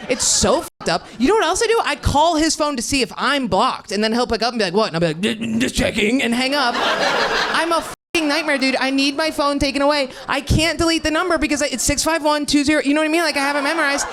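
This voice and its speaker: A woman's voice: high-pitched, expressive, fast talker, fairly bright tone. A young woman doing an improvised stand-up set, brash and rambling, laughing through her punchlines. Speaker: stand-up comedian.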